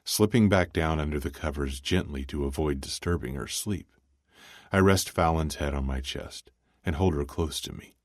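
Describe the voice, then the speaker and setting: Man narrating with a very deep voice. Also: moderate pace, no room sound, clean studio sound. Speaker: audiobook narrator. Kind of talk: first-person audiobook narration.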